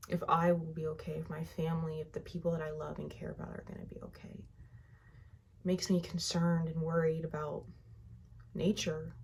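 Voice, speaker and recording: A woman guiding a tapping session, speaking slow, heartfelt first-person affirmations that trail off softly at the ends of phrases. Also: deep voice, little pitch movement, creaky, a little hiss or hum. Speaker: EFT tapping guide.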